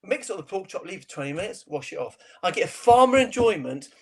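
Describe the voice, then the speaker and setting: Lively, high-voiced man telling stories. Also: quick pace, husky. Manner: animated storyteller, laughs often. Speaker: TV chef, guest. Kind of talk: casual interview chat.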